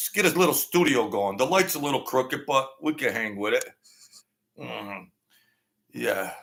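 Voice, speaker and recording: Male live-show host, rambling storyteller, gravelly voice. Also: mid-range voice, fairly bright tone. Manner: rambling, repetitive, thanks viewers by name. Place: small home studio setup.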